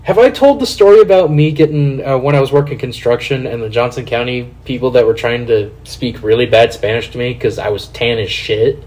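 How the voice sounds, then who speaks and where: A man from Kansas City hosting a casual podcast, telling stories in a profane, animated way. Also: mid-range voice, fairly quick, hardly any pauses. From Kansas City, USA. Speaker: podcast host.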